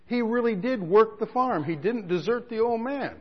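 A man preaching a sermon, telling stories with quiet asides that build to loud outbursts. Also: extremely high pitch, lively intonation, moderate pace. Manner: storytelling, swings from quiet asides to shouting. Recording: dull lo-fi recording with a long hall reverb.

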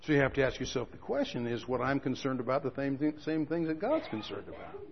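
A man preaching a sermon, telling stories with quiet asides that build to loud outbursts. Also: medium pitch, big pitch swings, quick pace. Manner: storytelling, swings from quiet asides to shouting. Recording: dull lo-fi recording with a long hall reverb.

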